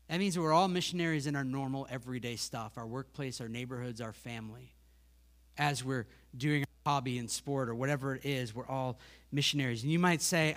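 Animated high-voiced male preacher. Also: brisk. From Montreal. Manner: animated, acts out voices and asides, self-deprecating humor. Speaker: pastor. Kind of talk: sermon.

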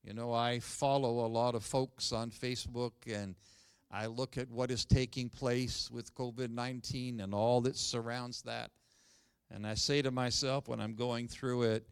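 A man preaching a sermon as pastor, reading scripture with rising emphasis, then growing quiet and earnest. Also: medium pitch, little pitch movement, a little slow, clear, resonant tone, dry recording.

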